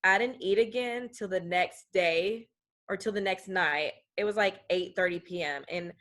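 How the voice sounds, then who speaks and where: A woman's voice: medium pitch, normal speed, fairly bright tone. A woman talking as a podcast guest in a casual conversation, emphatic and outspoken, laughing now and then. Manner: vocal, emphatic, laughs easily.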